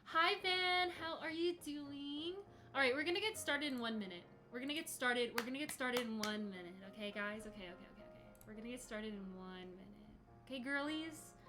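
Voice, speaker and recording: A woman's voice: a little high, animated, fast, hardly any pauses, music in the background. A young woman in her twenties hosting a casual livestream from home, chatty and swearing freely as she greets chatters by name. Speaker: podcast host live-streaming to chat.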